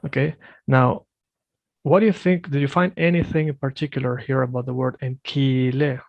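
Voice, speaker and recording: A man with a gravelly voice teaches a one-on-one language lesson, correcting his student firmly. He drills each word slowly and repeats it. The sound is dry and close, as on a video call. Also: mid-range voice, steady tone, no echo, muffled recording. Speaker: Swedish teacher.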